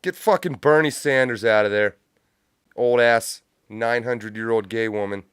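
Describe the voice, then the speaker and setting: Brief: male streamer, blunt and profane, clear resonant tone, mid pitch, dry mic. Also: normal speed, fairly bright tone, no echo. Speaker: live stream host. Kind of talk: profane live reaction commentary. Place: home studio with a cat nearby. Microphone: studio mic with pop filter.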